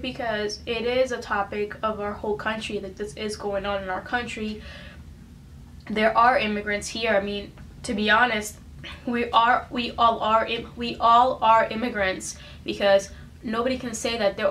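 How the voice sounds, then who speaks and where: A woman's voice: medium pitch, a bit bright, slight background noise. A young American woman talking in a personal vlog, earnest and emotional, with many fillers and restarts. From United States. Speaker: vlogger. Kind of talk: casual personal vlog talk.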